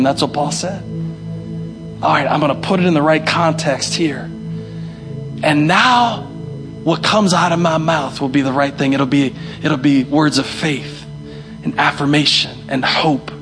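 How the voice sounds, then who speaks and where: Young man, pastor, emphatic sermon, repeats phrases, fairly high voice, soft music underneath. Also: moderate pace. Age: young adult. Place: church hall.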